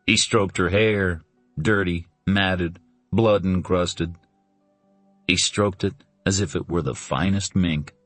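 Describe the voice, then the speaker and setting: A man narrating a suspense novel in a deliberate, dramatic reading. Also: sits low, fairly even intonation, a bit bright, no echo, faint music behind. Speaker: audiobook narrator.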